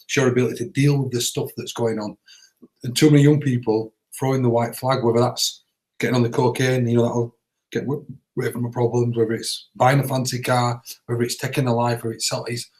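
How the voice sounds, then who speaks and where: A man's voice: mid-range voice, fairly even intonation, quick pace, darkish tone, rough recording. A man hosting a podcast, talking in an emphatic, persuasive way. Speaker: podcast host. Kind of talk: conversational podcast talk.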